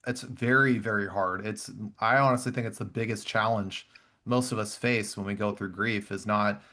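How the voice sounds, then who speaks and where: A man's voice: fairly low pitch, moderate pace. A man hosting a podcast interview, speaking conversationally and acting out quoted voices when he retells a story. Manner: warm, animated storyteller who acts out voices. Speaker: podcast host.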